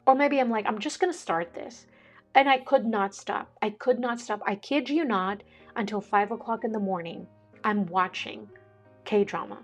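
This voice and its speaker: A woman, chatting casually as a vlogger, excitable and quick to laugh. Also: medium pitch, soft background music. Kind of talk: casual chat.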